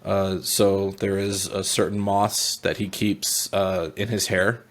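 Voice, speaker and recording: A man describing his character in a tabletop game, halting with many fillers and restarts. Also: deep voice, little pitch movement. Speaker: player.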